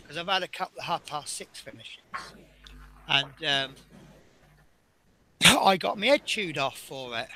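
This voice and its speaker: A man's voice: fairly high pitch, expressive, a little slow, pauses often, pushed and bright. A middle-aged man, a bus driver, chatting casually and telling rambling work stories with frequent chuckles while building a model. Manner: rambling and anecdotal, chuckling often.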